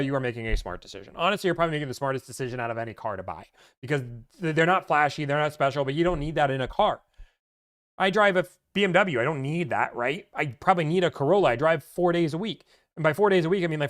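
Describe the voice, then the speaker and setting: Animated joking man giving car deal tips. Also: fairly high pitch, quick pace. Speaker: car-buying advisor. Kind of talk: casual live-stream talk.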